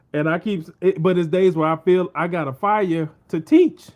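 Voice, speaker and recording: A man hosts a podcast in relaxed, informal talk and affirms what his guest says. His voice sits a little high for a man. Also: unhurried, highs cut off. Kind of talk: casual chat.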